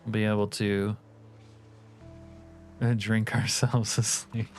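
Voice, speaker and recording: Casual male streamer, low-pitched, crude joking banter over faint background music. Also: level tone, takes it slowly. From California. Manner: joking, profane banter with chat. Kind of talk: casual live-stream chat.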